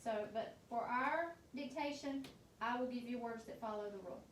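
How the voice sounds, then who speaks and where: Woman teacher, high-voiced, phonics dictation, a bit off-mic with faint noise. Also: reverberant, far from the mic. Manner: slow, deliberate, sounds out each letter.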